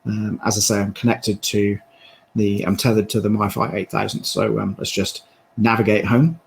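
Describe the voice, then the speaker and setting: British man demoing gear, gravelly voice. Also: lowish voice, flat delivery, slight background noise, low-quality recording. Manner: halting, with many fillers and restarts. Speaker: presenter demonstrating a headset. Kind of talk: live product demo on a video call.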